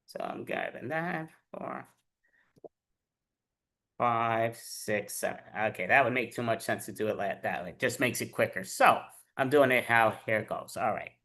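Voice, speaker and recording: A woman's voice: very deep voice, expressive, a little slow, gravelly, a bit bright. A woman hosting an improv comedy show, chatting casually in a rambling, self-deprecating way while sorting cards and props. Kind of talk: casual chat.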